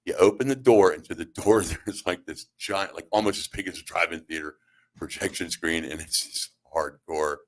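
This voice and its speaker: A middle-aged man hosting a talk radio show, telling comic stories in a rambling, halting way and acting out the quotes. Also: low-pitched. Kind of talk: comedic storytelling on talk radio. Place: radio studio.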